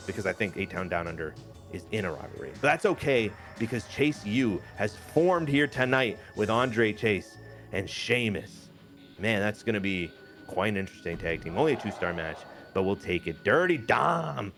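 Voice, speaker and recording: A man casually telling the story of his wrestling game matches, jokey and animated. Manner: animated, jokey, briefly puts on high-pitched character voices. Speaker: host booking a wrestling game.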